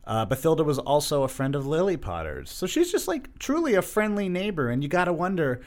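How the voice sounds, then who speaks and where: A man's voice: a little high, big pitch swings, brisk. A young man co-hosting a podcast, talking casually and animatedly with lots of fillers. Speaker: podcast co-host. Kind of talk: casual chat.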